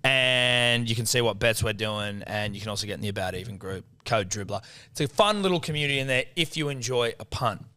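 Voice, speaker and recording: A man's voice: medium pitch, brisk, bright, forceful tone. A man with an Australian accent hosting a casual betting podcast, teasing and often laughing as he tells stories. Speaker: podcast host. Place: studio.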